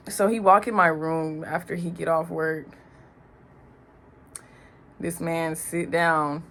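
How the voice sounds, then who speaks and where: A young adult recounts a storytime into a phone in a loose, slangy, profane way, acting out quoted lines in a higher voice. The voice sits at a middle pitch, and a faint hiss runs behind it. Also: a bit bright. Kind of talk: casual storytime vlog.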